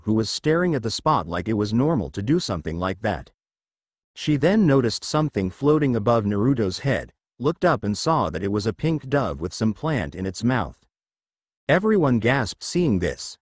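A man narrating a fan fiction story aloud in a lively storytelling way. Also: mid-range voice, dry recording.

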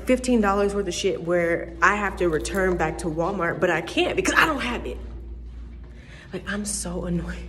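A young woman vlogging casually, venting in an exasperated, swearing ramble full of "like" and "bro". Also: lowish voice. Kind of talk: casual vlog rant.

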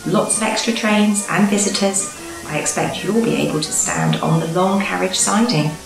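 A woman's voice: mid-range voice, moderate pace, creaky, echoey room, music in the background, lightly acted, rough recording. A woman voicing a chatty young male steam engine in a storybook reading.

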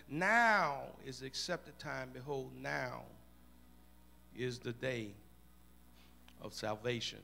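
A male pastor preaching a sermon in a church, repeating phrases in a chanting rhythm and rising from quiet murmurs to shouts. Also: on the high side, gravelly. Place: church room.

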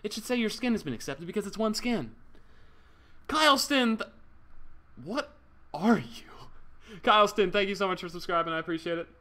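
A man's voice: sits high, very fast, bright, forceful tone. A young man streaming a game, chatting casually, joking around and thanking viewers. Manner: goofy, jokey, thanks viewers. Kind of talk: casual livestream chat.

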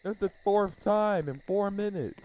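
A young man playing a horror game with friends and commenting as he goes, loud and excitable, yelling and laughing at every scare and talking in heavy slang. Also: sits high, measured pace, muffled recording. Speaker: gaming video creator.

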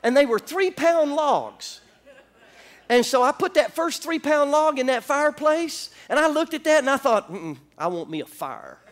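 A man from Florida preaching a sermon, telling a story with animated bursts and calls to the congregation in a church. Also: very high voice, moderate pace. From Orlando, Florida. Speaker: pastor. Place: church sanctuary.

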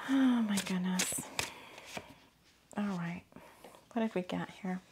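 A woman's voice: lowish voice, a little hiss or hum. A woman reading oracle cards in a casual, gushing way, laughing often as she talks about her decks and her books. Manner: gushing and excitable, quick to laugh. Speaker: spiritual energy reader and deck author.

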